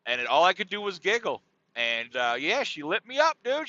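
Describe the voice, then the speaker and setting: A man's voice: high voice, huge pitch swings, normal speed, sharp tone, no echo. A middle-aged man hosting a podcast, talking in a rambling, laid-back and profane monologue. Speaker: podcast host. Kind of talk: casual comedic monologue. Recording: dull dry lo-fi sound.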